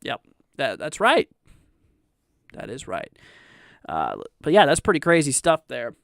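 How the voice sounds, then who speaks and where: Gravelly young man hosting a weather stream. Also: mid-range voice, huge pitch swings, a little slow, a bit bright, no echo, clean studio sound. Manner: rambling, many fillers and restarts, reads viewer chat aloud. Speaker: weather livestream host. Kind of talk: casual live weather commentary.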